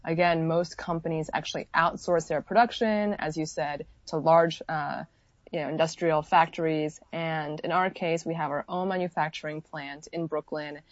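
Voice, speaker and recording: A woman's voice: sits low, steady tone, moderate pace, no room sound, lo-fi sound. A woman who founded a company, answering interview questions fluently and explaining her work at length. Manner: fluent, explanatory, many "so" openers.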